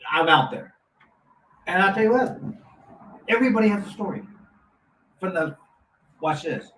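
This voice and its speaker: A man's voice: sits high, moderate pace. A former boxer in his fifties, telling a long casual story with many restarts and asides. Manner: rambling, animated anecdote with many restarts. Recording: roomy, distant mic, faint noise.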